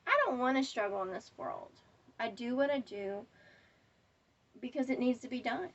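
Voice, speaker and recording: High-voiced woman ranting defiantly. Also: moderate pace, fairly bright tone, recorded from a distance, highs cut off. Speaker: vlogger. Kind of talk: angry monologue to camera.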